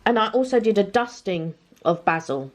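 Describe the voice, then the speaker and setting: A woman's voice: medium pitch, animated, moderate pace. A woman chatting casually at home while eating and showing off afternoon tea. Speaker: vlog co-host. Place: home dining room.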